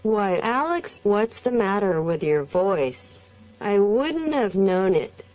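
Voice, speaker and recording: A text-to-speech woman's voice reading the lines of a formal, stiff man speaking on the phone, in a slow, flat machine delivery. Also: high voice, dull audio, faint music behind, heavily acted.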